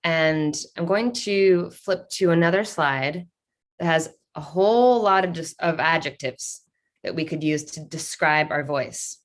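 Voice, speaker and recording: Upbeat woman running a video call workshop, lowish voice, takes her time, reads the chat out loud. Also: measured pace. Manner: playful and upbeat, reads chat answers aloud with laughs. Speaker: workshop leader. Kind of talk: online workshop teaching.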